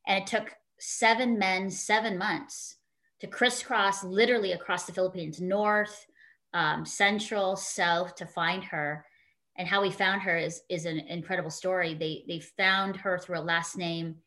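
A woman's voice: lowish voice, steady tone, unhurried, fairly bright tone. A woman guest in an interview, telling a personal story in an earnest, heartfelt way with frequent fillers.

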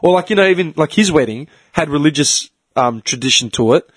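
A man's voice: a little high, lively intonation, fairly quick, breathy edge. A man, chatting animatedly as a podcast co-host, laughing and swearing freely. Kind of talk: casual chat.

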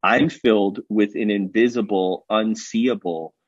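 A man puts on a self-righteous, scornful objector who takes every offer as an insult. The voice is a bit low and husky. The lo-fi podcast sound dulls it slightly. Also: steady tone, unhurried, dry recording. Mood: indignant. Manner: scornful, affronted. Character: indignant self-righteous listeners rejecting Jesus, male.

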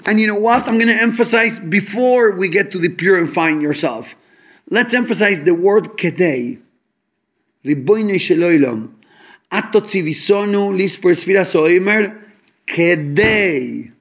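Brief: male Torah teacher, high pitched, lively, homely examples, Hebrew terms sprinkled in. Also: normal speed. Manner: animated, explains with homely examples; mixes English with Hebrew and Yiddish terms. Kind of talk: fabrengen talk on Chassidic teachings.

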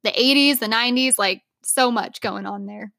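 A young woman co-hosting a podcast, chatting casually and laughing easily as she fills her talk with "like". Her voice sits fairly high, and the sound is dry and close with almost no room. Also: moderate pace, creaky, bright, forceful tone, dry recording. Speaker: podcast co-host. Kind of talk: casual chat.

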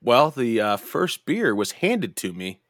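A man's voice: mid-range voice, very animated, unhurried, fairly bright tone, no echo, clean studio sound. A young man hosting a podcast, telling a rambling, profane story with lots of laughter and restarts. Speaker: podcast host. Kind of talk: casual storytelling chat.

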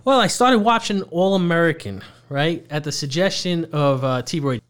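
A man's voice: fairly high pitch, lively intonation, normal speed, a bit bright, smooth. A man co-hosting a podcast in casual chat, ranting and swearing as he tells irritated stories. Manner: profane, ranting, irritated storytelling. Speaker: podcast co-host.

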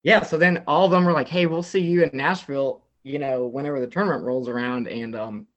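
A young man from the American South telling an excited story in casual chat, filling his talk with "like" and acting out what people said. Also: medium pitch, a little fast. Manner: excitable storyteller, heavy "like" filler, acts out quotes. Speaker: guest telling a travel story.

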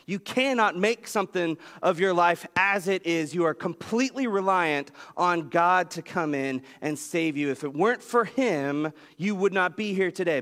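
A man preaching a sermon as pastor, telling a story with lively swings in pitch. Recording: long reverb of a large hall.

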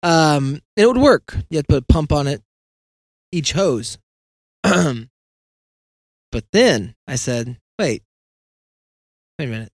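A man with a slightly raised pitch hosts a casual podcast monologue. He meanders from thought to thought, pokes fun at himself and voices the other people in the story. The sound is close and dry, with no room echo. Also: animated, slow pace, long pauses. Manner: meandering, self-deprecating, acts out quoted dialogue. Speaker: podcast host.

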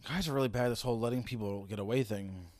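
A man's voice: mid-range voice, racing, darkish tone, no room sound, clean studio sound. A young man giving casual reaction commentary, swearing and wisecracking as he rants. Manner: profane, wisecracking, ranting. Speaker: reaction video host.

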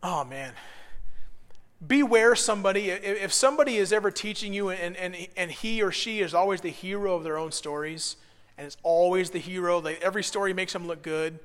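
Male pastor, 30s, high-pitched and bright, lively self-deprecating storyteller, long hall reverb. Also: fairly quick. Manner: animated, self-deprecating storyteller who builds to shouts. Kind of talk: sermon with personal storytelling.

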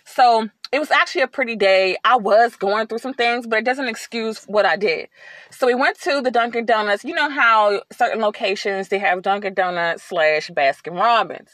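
A woman hosting a podcast, telling a personal story in a casual, animated way and acting out the lines she quotes. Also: fairly high pitch, normal speed, dry recording. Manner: animated, repeats words, acts out quotes. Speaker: podcast host.

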